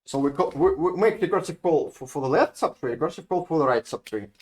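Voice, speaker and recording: A man's voice: fairly high pitch, animated, quick pace. A man with a Russian accent giving a university lecture on code, often restarting and repeating words as he works through examples. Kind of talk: live lecture explaining code.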